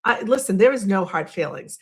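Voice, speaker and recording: A woman's voice: mid-range voice, expressive, a little fast, slightly rough. A woman with a Boston accent hosting a casual livestream, chatty and rambling, poking fun at herself. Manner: chatty and rambling, self-deprecating. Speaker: livestream host.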